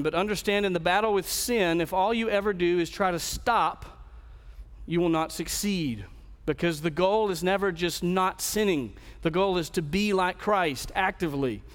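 A man's voice: high-pitched, long reverb tail. A man preaching an earnest expository sermon as pastor, often restarting his phrases.

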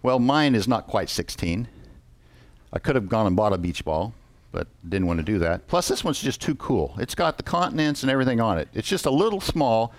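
A man's voice: mid-range voice, sing-song, dry recording. A man preaching a sermon, reading scripture aloud and asking the congregation questions. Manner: interactive, asks the congregation questions; reads scripture aloud in a measured voice.

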